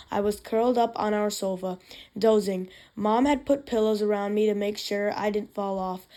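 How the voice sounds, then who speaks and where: A woman's voice: mid-range voice, warm tone. A woman reading a novel aloud in the first person, with occasional slips and restarts. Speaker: reader.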